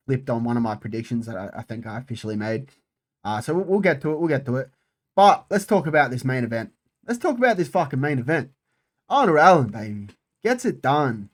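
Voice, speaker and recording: A man hosting his own fight-sports channel, talking casually and excitedly, swearing often and repeating phrases for emphasis. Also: medium pitch. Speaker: MMA channel host. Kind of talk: casual solo commentary.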